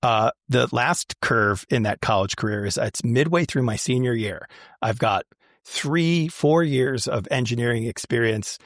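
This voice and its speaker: A man in a relaxed conversation, recounting his past in a chatty way that is full of restarts and "um"s. His voice sits in an ordinary middle pitch. It is recorded dry, with no room around it. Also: a little slow, no echo. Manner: chatty, many fillers and restarts. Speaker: guest. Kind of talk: casual storytelling.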